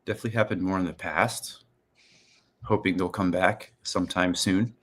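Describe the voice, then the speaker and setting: A man's voice: sits low, steady tone, moderate pace, a bit bright. A man in his forties co-hosting a casual video-call chat, rambling and restarting his sentences. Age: 40s. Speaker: podcast co-host.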